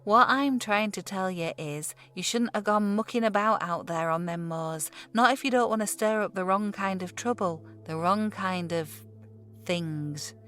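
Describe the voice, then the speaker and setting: A woman's voice: mid-range voice, fairly bright tone, soft background music, lightly acted. A woman doing an ominous old Yorkshire landlord. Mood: warning. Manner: broad dialect, slow and deliberate.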